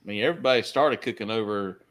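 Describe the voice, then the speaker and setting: A man's voice: fairly low pitch, fast, a bit bright. A man hosting a barbecue podcast, asking his guest easygoing questions and musing aloud. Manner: easygoing, asks open questions and muses aloud. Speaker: podcast host. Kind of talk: casual interview chat.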